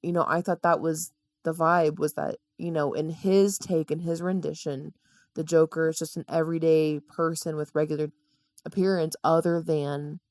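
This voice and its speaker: A woman's voice: sits low, flat delivery, normal speed, darkish tone. A woman from the American South co-hosting a podcast, chatting casually about a film and hedging with lots of "like". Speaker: podcast co-host.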